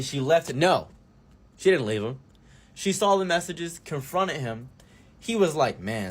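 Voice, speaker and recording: A young man tells a story from his own life with a husky, slightly breathy voice. He talks casually and jumps from sudden loud bursts to quiet mumbled asides. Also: medium pitch. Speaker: streamer. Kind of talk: storytime commentary.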